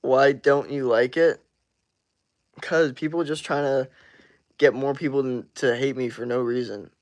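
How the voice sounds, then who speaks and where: This man, in his 20s, has just showered and is livestreaming, casually talking with viewers and reacting to comments while swearing often. His voice is mid-range and steady, a little slow, with lo-fi sound.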